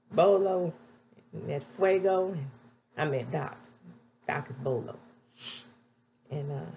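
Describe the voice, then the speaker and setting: A woman recapping a TV episode in a casual, chatty way, with sudden loud high exclamations. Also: creaky, a little hiss or hum. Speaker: TV episode reviewer.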